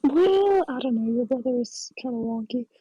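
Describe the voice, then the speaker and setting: A woman's voice: fairly high pitch, lively intonation, moderate pace, warm tone, breathy edge, dry recording. A young woman co-hosting a casual podcast chat, teasing and playful. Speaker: podcast co-host. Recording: dull lo-fi mic.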